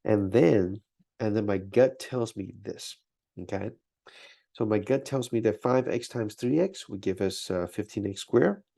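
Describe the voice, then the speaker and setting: In a recorded math lesson, a man with a lowish, creaky voice talks through each step aloud at an unhurried pace. He checks in with "okay?" and keeps things relaxed and encouraging.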